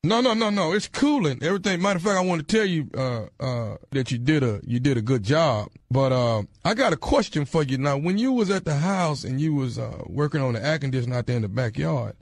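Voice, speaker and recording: A man voicing a gruff, upset male homeowner who speaks in a hesitant way, full of uhs. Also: on the high side, lively intonation, fairly quick, hardly any pauses, dry recording, pitched below the performer's own voice.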